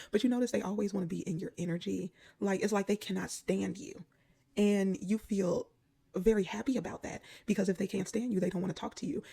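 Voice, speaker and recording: Gravelly, husky woman giving blunt commentary. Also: medium pitch, mellow. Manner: blunt, unhurried, wry asides. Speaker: commentary vlogger. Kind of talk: casual commentary to camera.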